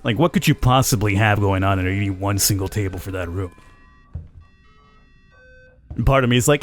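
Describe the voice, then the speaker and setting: Low-voiced man doing casual game commentary. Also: moderate pace, long pauses, faint music behind. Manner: casual, chatty, thinks aloud, reads game notes aloud. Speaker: gameplay commentator. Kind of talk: let's play commentary.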